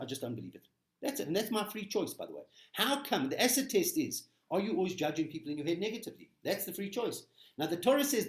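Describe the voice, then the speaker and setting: A man delivers a Torah talk in a lively, up-and-down voice that sits a bit high for a man. He leans on repetition for emphasis and slips into storytelling. The room gives his voice a noticeable echo. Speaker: rabbi.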